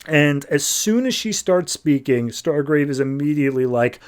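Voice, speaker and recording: A man on a podcast casually recapping a comic book, tossing off characters' lines in quick, loose voices. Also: fairly high pitch, lively intonation, clear, resonant tone. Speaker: podcast host.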